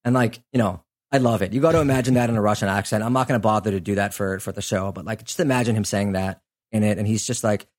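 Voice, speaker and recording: A man's voice: fairly low pitch, fairly even intonation, quick pace, a little mellow. Laid-back man telling a story. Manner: conversational, loose, lots of fillers. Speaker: podcast host; sports journalist. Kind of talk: casual storytelling chat.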